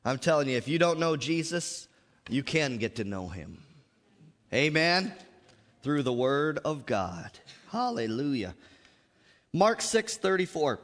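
Brief: male preacher, fairly high and very lively pitch, call-and-response sermon, long church reverb. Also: normal speed. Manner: call-and-response, frequent "Amen?" and "How many of you know". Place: church sanctuary.

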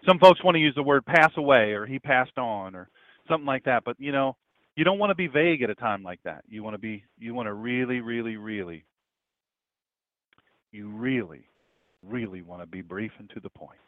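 A male pastor preaching, moving from loud passages into quiet, hushed ones as he tells a story. His voice comes through a thin, phone-like line with no room echo at all. The pitch is mid-range for a man. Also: lively intonation, fairly quick. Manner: dramatic swings between loud and hushed. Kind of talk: sermon storytelling.

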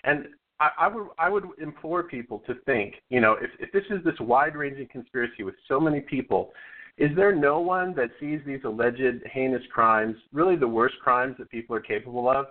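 Radio caller, man, mid-pitch, earnest and argumentative, heard through a phone line. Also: fairly quick. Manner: earnest, argumentative, frequent restarts. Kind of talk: call-in phone conversation. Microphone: telephone.

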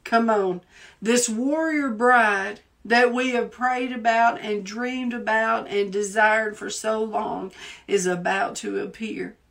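A woman's voice: a little high, fairly even intonation, slow pace, vocal fry, a bit bright. A woman with a Southern accent, a preacher leading a fervent live prayer, repeating phrases for emphasis and holding back tears. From Southern United States. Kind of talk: live prayer and prophetic exhortation.

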